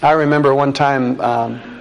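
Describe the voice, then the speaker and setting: A man preaching a sermon, reading scripture slowly and deliberately, with calm conversational asides. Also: mid-range voice, creaky, low-quality recording. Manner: slow, deliberate reading with emphatic pauses.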